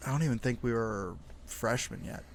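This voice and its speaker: A young man in the middle of his natural pitch range tells a casual podcast story. He rambles, leans on "like" constantly and swears freely as he talks. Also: normal speed, slight background noise. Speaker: podcast co-host.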